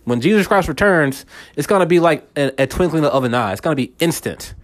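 A man's voice: on the high side, lively intonation, brisk. Man in a rambling faith monologue. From United States. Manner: rambling, repeats words, checks in with listeners. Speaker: podcast host. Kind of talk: casual faith podcast monologue.

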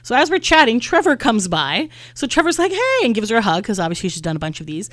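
A woman's voice: medium pitch, big pitch swings, fast, fairly bright tone, no room sound. A young woman, hosting a podcast and telling a story in casual chat, acting out what people said. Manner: chatty storyteller acting out quotes, lots of "like". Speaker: podcast host.

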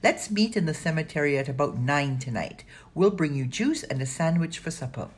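A woman voicing a clever, cautious girl who speaks in a measured, earnest way. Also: sits low, expressive, breathy edge.

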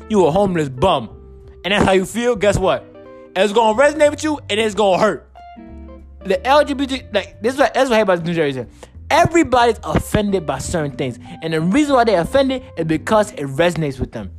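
Tired, profane young man ranting on a podcast. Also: high-pitched. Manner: profane, rambling, animated. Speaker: podcast host. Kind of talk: casual solo podcast monologue.

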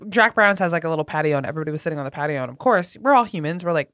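A woman's voice: deep voice, lively intonation, a bit bright, dry recording, studio quality. Teasing woman co-host chiming in. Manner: teasing, quick interjections. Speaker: podcast co-host. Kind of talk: casual chat.

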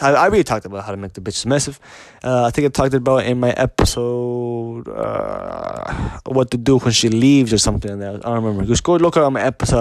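A podcast host gives dating advice in a casual, unscripted monologue, blunt, profane and insistent, repeating himself, restarting sentences often and repeatedly asking "you know what I mean." His voice is mid-range and slightly mellow, recorded with no room sound.

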